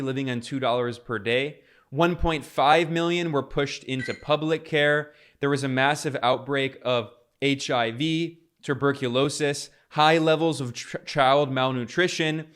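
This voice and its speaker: A man's voice: fairly high pitch, slight background noise. A man delivering a polemical political commentary monologue, emphatic, with frequent restarts.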